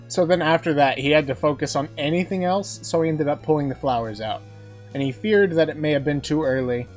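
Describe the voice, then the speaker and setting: A man giving a casual anime episode recap, talking like an excited fan, chuckling often and acting out quotes. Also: a little high, brisk, soft background music. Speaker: anime reviewer.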